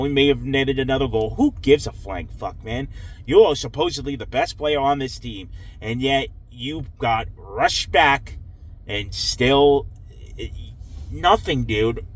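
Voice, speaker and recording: After his team loses, this man, a hockey fan vlogger, launches into an angry rant full of swearing, both frustrated and dejected. The recording is rough, and his voice sits in the mid range.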